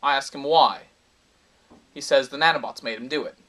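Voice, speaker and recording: A man's voice: normal speed, recorded from a distance. Rambling man telling absurd tales. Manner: rambling, deadpan, with sudden high outbursts. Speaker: comedic storyteller. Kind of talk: absurd rambling comedy monologue.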